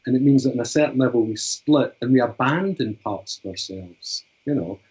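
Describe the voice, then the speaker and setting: A man's voice: medium pitch, fairly quick, a little mellow, slightly rough. A man in his fifties from Britain, a psychotherapist reading a story aloud and then explaining his views in an earnest, searching way. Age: 50s. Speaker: psychotherapist and author. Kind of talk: storytelling and interview talk. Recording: dull lo-fi recording.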